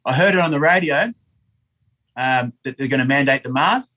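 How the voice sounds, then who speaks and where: Australian man, podcast guest, profane animated storyteller, bright tone. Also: medium pitch, normal speed, poor audio. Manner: swearing, animated, rambling. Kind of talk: casual storytelling.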